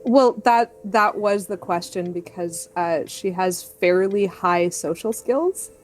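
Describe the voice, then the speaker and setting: A woman's voice: lowish voice, slow pace. A woman plays a tabletop game, chatting as she describes her character and reads out her dice. Faint music plays in the background. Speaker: player.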